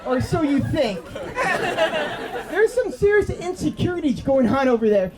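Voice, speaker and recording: High-voiced brash man doing stand-up. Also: big pitch swings, moderate pace. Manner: brash, sardonic, mock-earnest. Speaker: stand-up comedian. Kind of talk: stand-up comedy set. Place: comedy club stage. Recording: live club with loud crowd laughter and noise.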